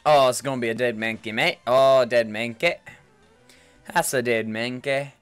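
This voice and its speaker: Man doing a bad British accent, cheeky young bloke, loud, taunting, headset mic. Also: mid-range voice, moderate pace, smooth, soft background music, lightly acted. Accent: put-on British. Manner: loud, taunting, repeats "mate".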